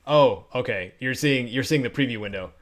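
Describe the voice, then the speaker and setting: A man live-streams while editing, chatting casually with viewers and laughing often. His voice is mid-range and his pace moderate, with a chatty, giggly manner as he works.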